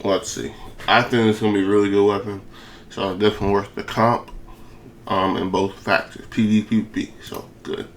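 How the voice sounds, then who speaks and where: With a lowish voice and flat delivery, a young man who creates gaming videos chats casually over gameplay a little fast, and a little hiss or hum can be heard. He sounds hyped and slangy, slurring his words with a lisp and repeating phrases a lot.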